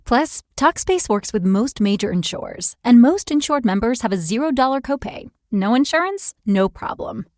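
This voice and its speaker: Woman reading an ad, gentle and reassuring. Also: on the high side, animated, moderate pace, hardly any pauses, dry recording, studio quality. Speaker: ad reader. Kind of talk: scripted sponsor read.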